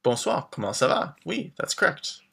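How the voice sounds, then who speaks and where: A man teaching a beginner language lesson, modeling phrases slowly and clearly, then glossing them and prompting the learner to answer. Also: on the high side, big pitch swings, sharp tone. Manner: clear, slow modeled pronunciation with English glosses. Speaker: French teacher.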